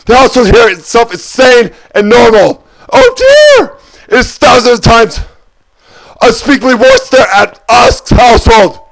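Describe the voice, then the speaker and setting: A man with a strikingly high, gravelly voice delivers an agitated monologue. He shouts and wails often. His pitch swings widely as he stacks up repeated words and long lists. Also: big pitch swings, measured pace, rough recording.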